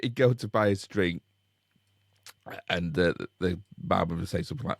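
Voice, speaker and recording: Middle-aged man, husky mid-pitched voice, dry close sound, wry chuckling storyteller. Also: moderate pace, pauses often, dry recording. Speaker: podcast co-host. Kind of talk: casual chat.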